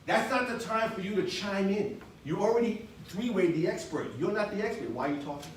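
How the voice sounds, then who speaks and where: A man leading an energetic sales training for a live audience in a meeting room, acting out phone calls to show how it is done. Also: high voice, a little fast, a little hiss or hum. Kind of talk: motivational training talk. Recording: echoey room from far off.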